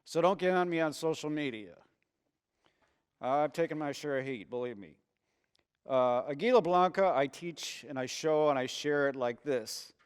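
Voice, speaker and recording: A man's voice: fairly high pitch, lively intonation, moderate pace, clean tone. A man teaching a hand drum lesson, explaining beats and chanting rhythm phrases to encourage his students. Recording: reverberant room with loud drumming. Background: hand drum playing.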